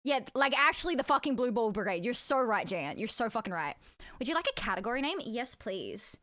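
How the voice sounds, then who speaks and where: A woman's voice: on the high side, big pitch swings, a little fast, fairly bright tone, no room sound, studio quality. A young woman live streamer chatting casually with her viewers while playing a word game. She is giggly and chatty, and she swears freely.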